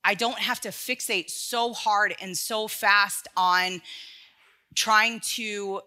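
Bright-voiced woman preaching a sermon. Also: medium pitch, fairly even intonation, slow pace. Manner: earnest, conversational preaching with frequent restarts. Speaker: speaker in a church sermon series.

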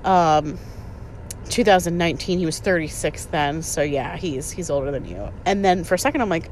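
A woman's voice: low voice, moderate pace, a little hiss or hum. A woman in her thirties telling a story in casual chat, sarcastic and full of "like", swearing freely. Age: 30s. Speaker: podcast host.

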